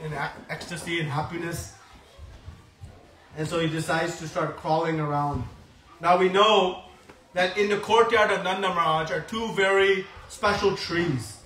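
A man preaching a devotional story in a high, bright voice. He is animated, acts out voices and laughs often as he tells it. The sound comes off-mic from an echoey room with faint noise behind. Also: moderate pace. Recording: echoey room heard from a distance.

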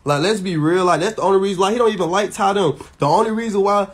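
High-pitched, husky and a fast talker, a social media personality unloads on camera to his viewers. The venting is heated and emphatic, full of swearing and frequent restarts.

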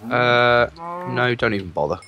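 A man chatting casually while playing a game with a friend, playful and quick to laugh. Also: mid-range voice, muffled recording, a crowd in the background. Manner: playful, laughs a lot, jokey banter. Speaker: gaming co-host. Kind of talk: casual gaming chat.

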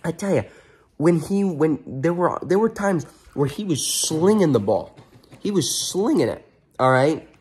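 A man's voice: fairly high pitch, expressive, a little slow, darkish tone, breathy edge. A man hosting his own sports fan channel, ranting angrily after a game and repeating himself for emphasis. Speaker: sports fan vlog host.

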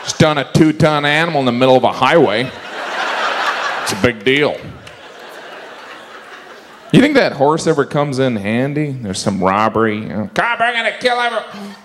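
Middle-aged male stand-up comic, animated and slightly high voice, live club recording with clear audience noise. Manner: quick shifts into silly character voices. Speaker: stand-up comedian. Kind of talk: stand-up comedy. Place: stage before a laughing audience.

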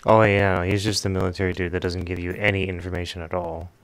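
A man's voice: low-pitched, flat delivery, fast talker, no room sound. A man streaming a game, giving laid-back, joking commentary and mocking the characters. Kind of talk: casual gaming commentary.

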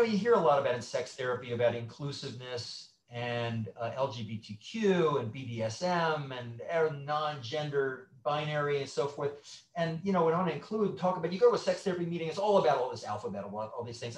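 A middle-aged man, a sex therapist, talking as a guest in an interview, animated and acting out quotes with many restarts. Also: mid-range voice. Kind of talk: conversational interview. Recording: roomy echo.

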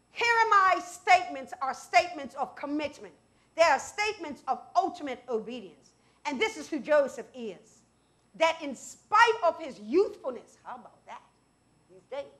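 A woman preacher with a high voice delivers an animated sermon. She bursts into loud scripture quotes and turns aside to talk to her congregation.

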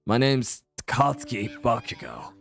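A man voicing a brooding young male hero in a fan fiction reading, with a low, muttered, deadpan delivery. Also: moderate pace, creaky, music in the background. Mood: guarded.

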